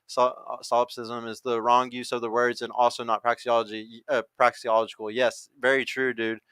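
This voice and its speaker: Brash dude hosting a livestream, bright clear voice, swears a lot, dry sound. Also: male voice, medium pitch, flat delivery, normal speed, no echo. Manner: brash, profane, reads out chat comments. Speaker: podcast host and dating coach. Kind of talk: casual livestream podcast chat.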